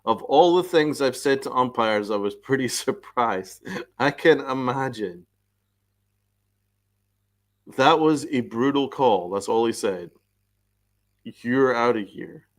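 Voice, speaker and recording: Man, podcast host, angry profane rant, mid-pitched voice, reading out chat. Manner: reads chat messages aloud. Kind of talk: live-stream sports rant.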